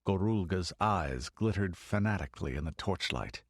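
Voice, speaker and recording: A male narrator reads a fantasy audiobook in a measured, steady way. His voice sits low. The recording is dry and close, with no room sound. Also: husky, no echo. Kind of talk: scripted narration.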